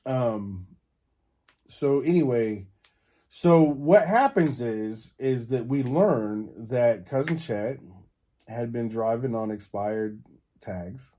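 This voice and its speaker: Male podcast host, relaxed dark tone, rambling storyteller with lots of fillers. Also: mid-range voice, slow pace. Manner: rambling, many fillers and restarts. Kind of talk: casual storytelling.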